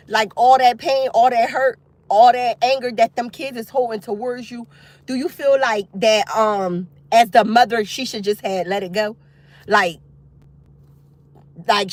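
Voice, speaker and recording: A woman vlogger chatting casually with her viewers from outside a youth football practice. She is expressive and loose, with frequent laughter. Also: on the high side, no echo. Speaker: single mom vlogger talking to viewers. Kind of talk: casual chat.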